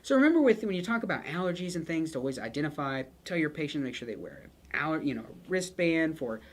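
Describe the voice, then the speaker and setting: Casual, animated nursing lecturer, joking asides, very expressive pitch. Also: fast talker. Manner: chatty and joking, with playful asides to students. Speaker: nursing pharmacology instructor. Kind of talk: casual lecture with picture mnemonics.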